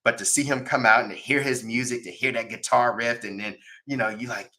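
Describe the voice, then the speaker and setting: A man hosting a podcast, chatting casually about wrestling, rambling with many fillers and restarts and rising excitement. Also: mid-range voice, fairly quick, hardly any pauses. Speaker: podcast host.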